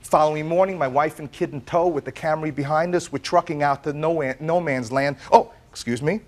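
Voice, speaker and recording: A middle-aged man testifying as plaintiff in a courtroom, telling his story in an animated way, acting out what others said, often repeating words and restarting. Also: fairly high pitch, fairly quick. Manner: animated storyteller, quotes others in lively voices.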